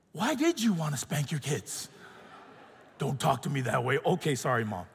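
Husky-voiced pastor man preaching. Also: mid-range voice, in a large hall. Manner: animated storytelling, acts out quotes, drops to soft tones when emotional. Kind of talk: sermon with personal story.

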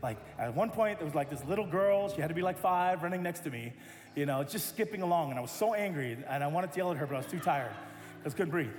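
A man pastor telling an animated story in a sermon, acting out the voices of the people in it. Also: on the high side, fast. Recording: echoey hall with music.

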